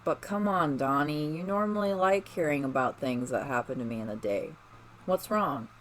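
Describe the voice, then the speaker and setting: Caring upbeat young woman, a guy doing her voice higher, light hiss behind. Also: moderate pace, a bit bright, lightly acted, low-quality recording. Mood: eager. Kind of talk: fan fiction read aloud.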